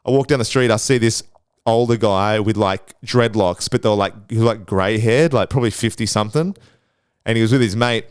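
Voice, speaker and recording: A man's voice: on the low side, fairly quick, clear, resonant tone, dry recording, clean studio sound. A young man hosting a podcast, telling rambling travel stories in a laid-back, profane way. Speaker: podcast host. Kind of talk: casual storytelling.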